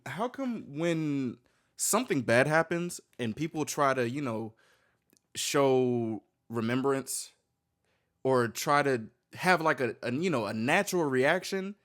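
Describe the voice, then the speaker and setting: A man's voice: medium pitch, fairly bright tone. A man giving loose, rambling reaction commentary with lots of restarts and casual swearing. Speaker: reaction streamer.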